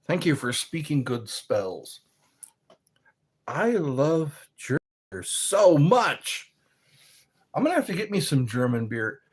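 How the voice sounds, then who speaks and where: A man hosts a casual livestream, reading out viewer comments and riffing on them. He talks very slowly, stretching his words, and his pitch swings widely. His tone stays playful and chatty. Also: very animated, husky. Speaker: livestream host.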